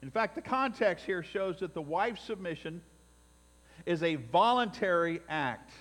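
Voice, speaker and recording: A man preaching a sermon as pastor, building to emphatic peaks and dropping to quiet, deliberate phrases. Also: high voice, lively intonation. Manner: emphatic preaching with swells and drops in loudness. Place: church sanctuary. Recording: long reverb in a hall.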